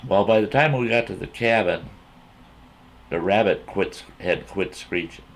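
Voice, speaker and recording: Male storyteller: low, slow, folksy campfire delivery with a repetitive, drawn-out manner. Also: gravelly. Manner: drawn-out, repetitive, animated retelling.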